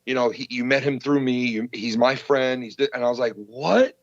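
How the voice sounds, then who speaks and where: A man, hosting a podcast and retelling a feud in a heated, profane, animated way. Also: mid-range voice, brisk, highs cut off. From New York. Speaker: podcast host. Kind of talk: casual podcast storytelling.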